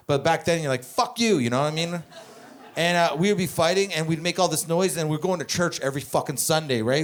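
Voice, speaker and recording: A male stand-up comedian on a club stage, telling stories with lots of swearing and a lively, animated delivery. His voice sits a little higher than most men's, and he breaks off now and then to talk with the crowd. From Canada. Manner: profane, animated storytelling with crowd work.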